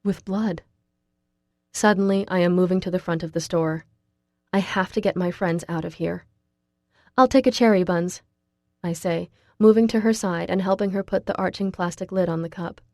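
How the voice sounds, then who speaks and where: A woman narrating a first-person audiobook in a quiet, measured way. Her voice is low and mellow, with a dark, soft tone. The recording is close and completely dry. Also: steady tone, no echo.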